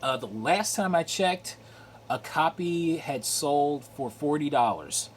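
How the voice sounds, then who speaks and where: Taking it slowly, a man with a slightly high, expressive voice presents his comic book haul in casual video commentary. He rambles chattily, repeats phrases and fills gaps with "uh" and "like," over slight background noise.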